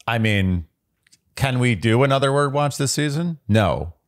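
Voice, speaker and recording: A man's voice: medium pitch, expressive, a little slow. A man co-hosting a podcast, joking wryly and exaggerating playfully in casual chat about a TV episode. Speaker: podcast co-host. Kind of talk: casual chat recapping a TV show.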